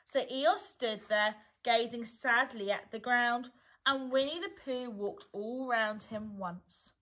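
Brief: teacher reading a storybook to children, bright and lively, never rushed. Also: female voice, on the high side. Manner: gentle, unhurried storytelling with a lively lilt. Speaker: primary school teacher reading aloud. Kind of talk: children's storybook read-aloud.

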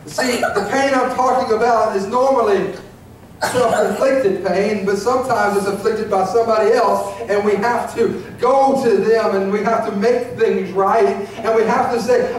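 A man's voice: high voice, fairly even intonation, a little slow, slight background noise. A man preaching an impassioned, emotional sermon as pastor of a church, captured from a distance in the sanctuary. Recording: echoey church recording from far off.

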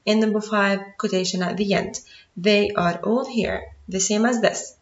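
A woman's voice: medium pitch, steady tone, normal speed. A woman teaching an English grammar lesson over a screen recording, patiently counting off each point. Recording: roomy, dull lo-fi audio.

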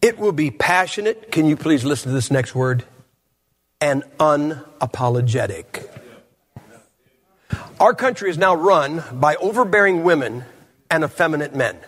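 A man's voice: on the high side, animated, a little slow, long pauses, fairly bright tone. A man preaching a humorous sermon at a church service, telling stories in a blunt, joking way.

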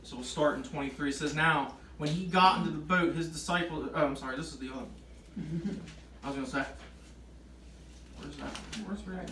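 Man preaching, high and roomy. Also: a little fast, pauses often. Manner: reads scripture aloud, then grows emphatic and animated. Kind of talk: informal Bible study preaching. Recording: echoey room, voice from far off, faint noise.

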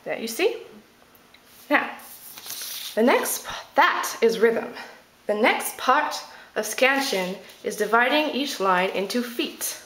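Woman teacher explaining poetry, fairly high, unhurried voice; playful asides; echoey room. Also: lively intonation, fairly bright tone, a little hiss or hum. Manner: slow and deliberate, playful asides, sounding out stresses.

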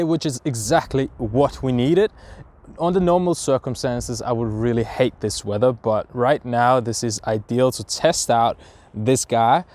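Medium in pitch with a darkish tone, this video host jokes and explains his way through a casual review of filming gear. The windy outdoor recording comes from a lavalier mic running into a phone.

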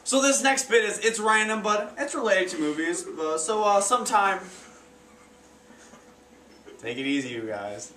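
A man's voice: sits high, very animated, measured pace, long pauses, bright, forceful tone, a little hiss or hum. A teenage boy doing an amateur stand-up routine, stumbling and awkward with many fillers. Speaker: stand-up comedian. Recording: echoey room, taped from far off.

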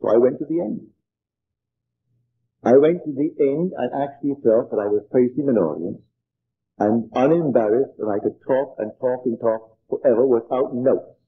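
An older man giving an earnest spiritual lecture, telling stories in a measured way, on an old archival tape. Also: medium pitch, breathy edge, narrow, tinny audio.

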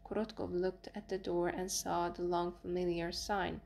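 Gravelly flat-voiced woman reading a novel. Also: fairly low pitch, normal speed, slight background noise. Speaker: audiobook reader. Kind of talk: audiobook narration.

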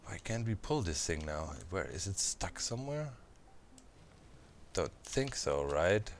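A man hosting a gameplay channel, chatting casually and thinking out loud as he plays, throwing in little sound effects. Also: low-pitched, big pitch swings, a little slow, slight background noise. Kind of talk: casual let's-play commentary.

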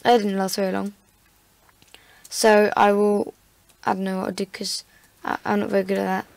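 A woman's voice: mid-range voice, little pitch movement, moderate pace, gravelly, a little mellow, dry recording. A woman giving casual, playful gameplay commentary, chatty and self-mocking as she plays. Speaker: gamer. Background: faint background music.

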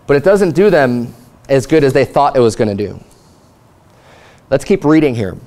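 A pastor delivering a sermon, reading scripture and acting out lively paraphrased dialogue. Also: male voice, medium pitch, moderate pace. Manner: animated preaching with paraphrased dialogue.

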